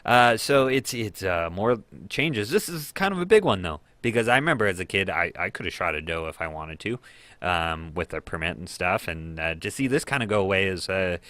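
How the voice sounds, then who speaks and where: A man's voice: sits low, lively intonation, a little fast, sharp tone, dry recording. A man co-hosting a local radio news review, chatting casually with frequent fillers and restarts. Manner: chatty, stumbling with many fillers.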